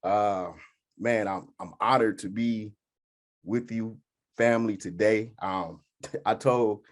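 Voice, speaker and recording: A man co-owning a bookstore, speaking on a panel in a folksy, halting way, often laughing. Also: lowish voice, steady tone. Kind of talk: casual panel talk.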